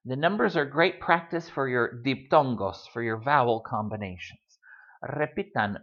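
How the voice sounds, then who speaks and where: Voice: medium pitch, lively intonation. Patient teacher with a slightly dull sound. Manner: patient, repeats words slowly for learners. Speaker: Spanish teacher. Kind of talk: recorded language lesson.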